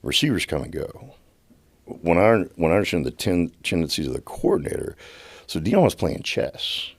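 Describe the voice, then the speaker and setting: Middle-aged guy with a super deep voice, passionate podcast guest, keeps restarting his sentences, dry close mic. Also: normal speed, dry recording. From United States. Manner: animated, repeats words and restarts sentences. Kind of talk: passionate storytelling. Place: podcast studio.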